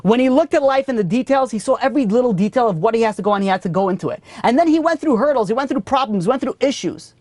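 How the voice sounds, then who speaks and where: A man's voice: extremely high pitch, animated, fast talker, few pauses, darkish tone, dry recording. A man teaching a class as a rabbi, telling stories animatedly and often repeating and restarting his phrases. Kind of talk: storytelling Torah lesson.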